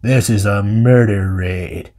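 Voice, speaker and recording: A man doing an impression of a gruff old male cowboy, in a slow, low drawl. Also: steady tone, dark tone. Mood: grim.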